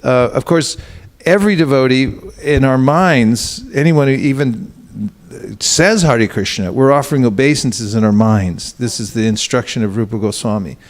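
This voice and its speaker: A man's voice: medium pitch, normal speed. A man giving a sermon as a spiritual teacher, speaking conversationally with frequent fillers and stories. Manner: conversational, storytelling with filler words.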